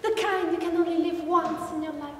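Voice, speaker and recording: A woman's voice: very high voice, steady tone, brisk. A woman as a rambling, sly defense lawyer. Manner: hesitant with many fillers, theatrical, giggly. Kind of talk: amateur school stage play. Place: school theater stage. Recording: echoey hall, far from mic, faint noise.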